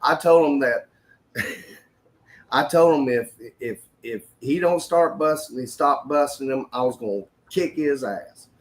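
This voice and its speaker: A man's voice: medium pitch, a little slow. Chuckling man telling stories. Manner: rambling, laughs through his stories. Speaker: regular on a morning chat show. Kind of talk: casual storytelling chat.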